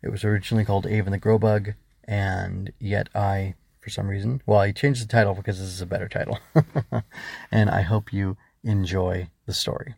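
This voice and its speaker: A man's voice: lowish voice, level tone, normal speed, gravelly, a little mellow, husky, no echo. A man, an author hosting his own podcast, reading his story and talking with hesitant, filler-heavy asides.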